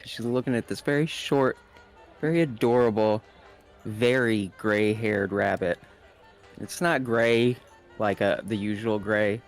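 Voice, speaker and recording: A man's voice: lowish voice, measured pace, faint music behind. A man playing a tabletop game, casually describing his character with a few fillers. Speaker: player.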